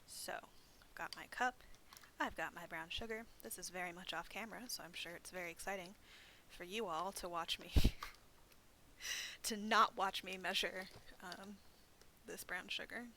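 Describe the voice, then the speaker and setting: A woman's voice: lowish voice, brisk, sharp tone, a little hiss or hum, poor audio. A young woman hosting a library craft demonstration, chatting casually and poking fun at herself, with lots of "um" and "like". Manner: chatty and self-deprecating, many fillers. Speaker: library program host.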